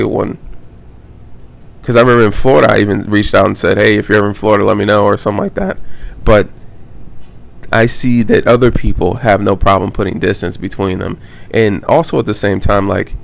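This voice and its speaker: Guy rambling on his podcast, low gravelly voice, swears a lot, keeps restarting his thoughts. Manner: rambling, loose, frequent fillers and self-corrections; frank, swears casually. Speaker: podcast host. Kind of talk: casual solo podcast monologue.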